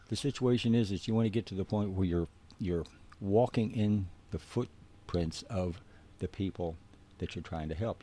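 A man with a deep, husky voice delivers a teaching talk. His tone is mellow and warm. He speaks earnestly and gives direct instructions, repeating his key points for emphasis. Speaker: biblical counseling instructor.

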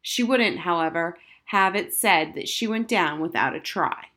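A woman reads a children's novel aloud in a clear storytelling manner. Her voice sits a little low for a woman. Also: measured pace, few pauses, bright, forceful tone. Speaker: narrator. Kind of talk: audiobook reading of a children's novel.

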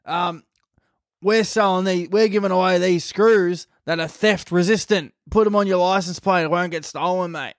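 A man's voice: high voice, steady tone, normal speed, dry recording, studio quality, pitched above the performer's own voice. A man imitating a laid-back Australian police officer with a casual, matey way of talking.

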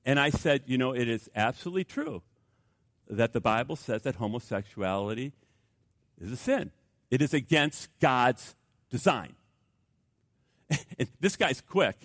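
An older man, a pastor, preaching a sermon with animated storytelling that swings between loud emphasis and hushed, quiet passages. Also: mid-range voice, measured pace, pauses often, no echo.

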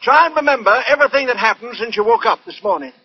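An actor playing a bumbling, boastful memory-school quack in a 1940s radio comedy, speaking in a slow, chuckling drawl with folksy grammar. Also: male voice, extremely high pitch. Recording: dull old radio broadcast.

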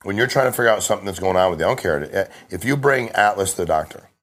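A man in middle age talks quickly in a very low voice. He tells stories on a podcast with plenty of emphasis, often stopping and restarting his sentences as he goes. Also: expressive, fairly bright tone. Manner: fast, emphatic storytelling with frequent restarts. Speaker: guest, insurance sales agent. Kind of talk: casual podcast conversation.

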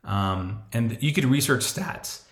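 A man's voice: medium pitch, slow pace. A man hosting a podcast, giving casual marketing advice and acting out imagined clients in voices. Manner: animated, chatty, acts out imagined clients in voices. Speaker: podcast host. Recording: echoey room.

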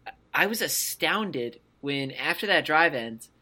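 A man's voice: on the high side, measured pace. A man co-hosting a podcast, chatting casually about college football and mimicking players as he talks. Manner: animated, mimics players with voices. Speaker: podcast co-host. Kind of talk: casual sports chat.

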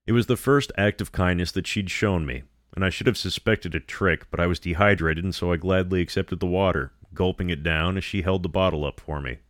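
A man with a very low voice tells a scripted horror story in a steady, measured way. The sound is dry and close, with no echo.

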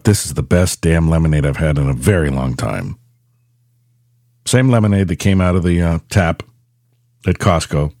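A middle-aged man hosting his own podcast, telling stories in a rambling, animated way with frequent restarts. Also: sits low, dry recording, studio quality. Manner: rambling storyteller, animated, self-correcting. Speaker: podcast host. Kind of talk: casual monologue.

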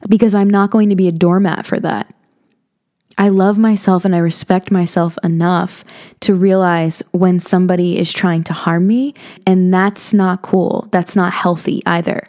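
A woman's voice: fairly low pitch, mellow. A young woman hosting a podcast, talking casually and earnestly about spiritual self-help, with many "you know" and "like" fillers. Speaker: podcast host.

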